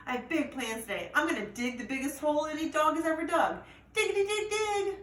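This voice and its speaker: A woman reading a chapter book aloud to children in a lively way, pausing to ask the listeners questions. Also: sits high. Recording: roomy echo, distant mic, faint noise.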